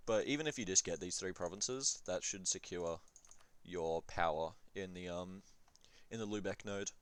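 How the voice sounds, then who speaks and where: A man's voice: low-pitched, moderate pace, smooth. Profane young man giving game advice. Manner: profane, joking, trails off with ums. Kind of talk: casual rambling game commentary.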